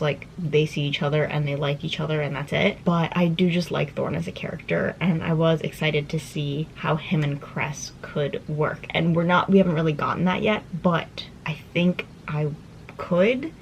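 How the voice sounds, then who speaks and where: A woman's voice: low voice, vocal fry, slight background noise, poor audio. A young woman vlogging casually about her reading, chatty and rambling with lots of fillers, at home. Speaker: book vlogger. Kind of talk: casual vlog chat.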